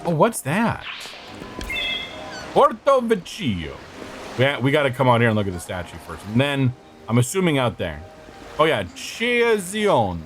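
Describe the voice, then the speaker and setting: A man's voice: medium pitch, very animated, quick pace, over music. A man streaming a game, chatting casually, swearing and talking to himself as he plays. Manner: chatty and swears often, with frequent laughs and self-talk. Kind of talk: casual gameplay commentary.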